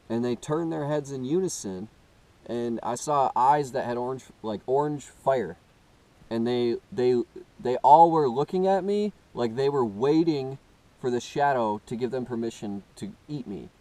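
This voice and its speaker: A man earnestly telling a first-person story, halting and often restarting as he searches for words. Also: mid-range voice, warm tone, rough recording. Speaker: personal testimony speaker.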